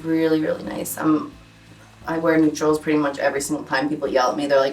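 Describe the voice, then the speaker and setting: A woman's voice: deep voice, flat delivery, roomy sound, recorded from a distance, faint music behind, poor audio. A woman in her thirties with a New Jersey accent, hosting a casual chat in a chatty, upbeat way. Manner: chatty, upbeat, quick to agree. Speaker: beauty YouTuber host.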